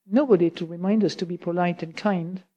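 A woman's voice: lowish voice, steady tone, a little fast, background noise. A woman speaks English with a French accent, giving an informal Buddhist question-and-answer talk. She is chatty and laughs easily. She keeps turning to her listeners to check that they follow her. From France.

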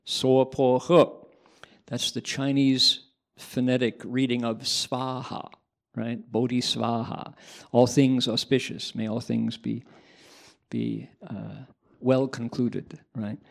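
Gravelly-voiced monk telling a story. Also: male voice, mid-range voice, slow pace. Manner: animated storytelling, conversational asides. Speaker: Buddhist monk. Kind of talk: sermon. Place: Buddhist monastery.

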